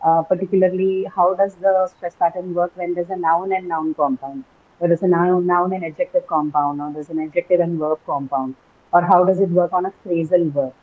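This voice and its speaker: A woman's voice: fairly low pitch, steady tone, fairly quick. Woman teaching an online class, muffled audio. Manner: explanatory, many fillers and tag questions. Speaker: English teacher. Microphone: video call. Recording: dull lo-fi online call audio.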